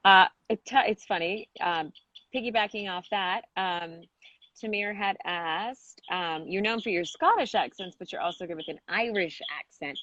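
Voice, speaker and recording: A woman's voice: on the low side, moderate pace, fairly bright tone, no echo, highs cut off. A woman hosting a podcast interview, friendly, reading out listener questions. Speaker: podcast host. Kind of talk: casual interview chat.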